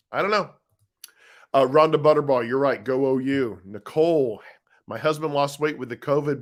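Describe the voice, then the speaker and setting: Middle-aged male co-host, relaxed and rambling, chatting live with viewers, plenty of restarts. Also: mid-range voice. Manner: easygoing, rambling, with frequent restarts and laughs. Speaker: co-host of a live chat show, husband of the author. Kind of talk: casual live-stream chat reading viewer comments.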